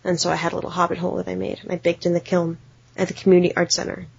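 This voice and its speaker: A young American woman co-hosting a podcast in casual chat, talking quickly with many fillers and restarts. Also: lowish voice, monotone, vocal fry, slightly rough. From United States. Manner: chatty, many fillers and restarts, acts out silly voices. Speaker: podcast co-host and editor. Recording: somewhat dull lo-fi audio.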